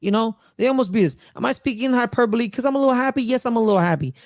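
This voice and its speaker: Excitable high-voiced man talking football. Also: very fast, no echo. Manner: rambling, repeats himself, excitable. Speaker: podcast co-host. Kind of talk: casual sports podcast chat.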